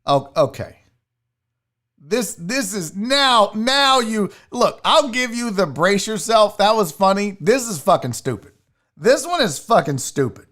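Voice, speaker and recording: A man's voice: sits high, very animated, measured pace, fairly bright tone. A man hosting a live comedy stream, ranting with profanity and disbelief while reading the chat aloud. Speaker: live show host.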